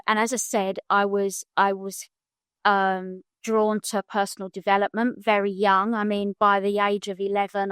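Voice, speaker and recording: A woman's voice: mid-range voice, a bit bright, clean tone, no echo. A middle-aged woman with an English accent, a guest in a podcast interview, speaking thoughtfully with frequent hesitations. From England. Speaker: guest, wealth mentor.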